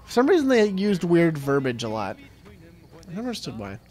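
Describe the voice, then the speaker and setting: Man, let's play co-host, casual game talk, jokey trivia riffs, fairly high voice. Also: wildly swooping pitch, moderate pace, a little mellow. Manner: jokey, riffing on trivia tangents. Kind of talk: casual gameplay commentary.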